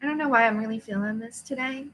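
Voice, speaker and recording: A woman hosting a casual livestream, chatting with viewers and reading a workbook aloud with lively emphasis, laughing and swearing freely. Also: on the high side, fast talker. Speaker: host of a money-mindset livestream.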